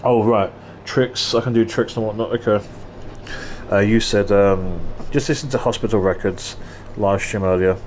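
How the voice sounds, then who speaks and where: A man's voice: on the low side, fairly even intonation, moderate pace, a little mellow, a little hiss or hum. A man from London chatting casually and ranting in asides while live-streaming a retro game at his desk mic.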